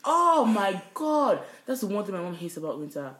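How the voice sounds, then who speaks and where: A woman's voice: medium pitch, very animated, moderate pace, fairly bright tone, echoey room. A woman co-hosting a podcast, telling stories animatedly with frequent laughter and swearing. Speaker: podcast co-host. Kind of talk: casual chat. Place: Edmonton, Alberta, Canada.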